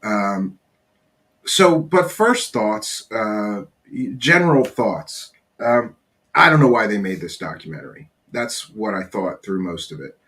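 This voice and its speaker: A man with a somewhat low voice talks through a casual spoken review. He sounds a little hoarse and scratchy from a cold, and he is blunt and opinionated, stopping often with fillers as he thinks. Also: sing-song, takes it slowly, a bit bright. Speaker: show host reviewing a documentary.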